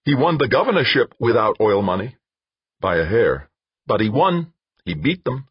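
A crafty, eager PR director, as a male narrator puts him on, his voice jumping high and animated. He presses his points with excitable insistence. The recording is dry and somewhat dull. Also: moderate pace, husky, no echo. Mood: persuasive.

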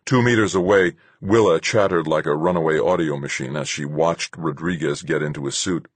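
A man narrating an audiobook in a measured, even storytelling manner. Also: very deep voice, slightly rough, no echo.

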